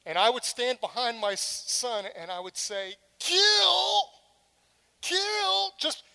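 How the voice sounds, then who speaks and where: A woman's voice: medium pitch, moderate pace, fairly bright tone. A middle-aged woman preaching a sermon, telling stories dramatically and slipping in humorous asides.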